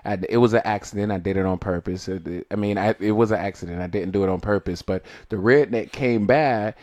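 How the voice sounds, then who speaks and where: A man co-hosting a podcast in casual banter, telling stories with bursts of laughter and loud put-on voices. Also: on the low side, brisk, no room sound. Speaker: podcast co-host.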